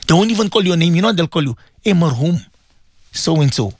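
Impassioned preacher man with a gravelly voice. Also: very fast, dry recording. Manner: impassioned, swinging from low murmurs to high cries; repetitive, emphatic. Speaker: radio presenter and preacher. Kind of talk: radio sermon.

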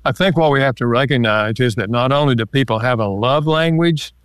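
A man's voice: mid-range voice, a little fast, a bit bright, smooth, no echo, studio quality. An older man, an author and marriage counselor, answering interview questions and acting out example phrases as he explains. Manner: explains in numbered lists with acted-out example quotes.

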